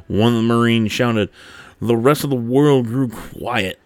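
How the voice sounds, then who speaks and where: A man hosting a podcast, reading a game blog post aloud and breaking off to laugh and comment excitedly. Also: medium pitch, slow pace, no echo. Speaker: podcast host.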